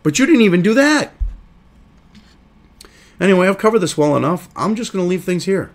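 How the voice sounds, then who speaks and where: A man's voice: high-pitched, very animated, fairly quick. A man hosting a political news commentary video, ranting angrily and sarcastically with heavy swearing. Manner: mocks others in put-on voices. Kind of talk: profane political commentary rant.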